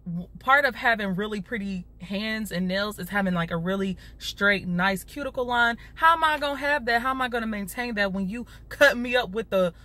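A woman's voice: mid-range voice, sharp tone. A young woman with a Chicago accent, chatting to the camera in a casual vlog while sitting in her car and holding her phone. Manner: chatty, talks straight to camera, says y'all often. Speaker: vlogger. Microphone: phone held at arm's length.

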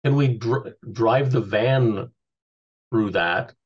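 A man's voice: medium pitch, husky. Stammering male player on a dull mic. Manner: halting, stammering restarts. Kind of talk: casual tabletop play chat.

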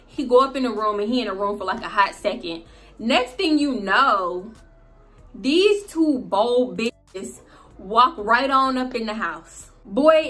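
Slangy, animated woman telling a story. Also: mid-range voice. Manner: animated, slangy, profane, laughing asides. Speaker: storytime vlogger. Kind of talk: casual storytelling.

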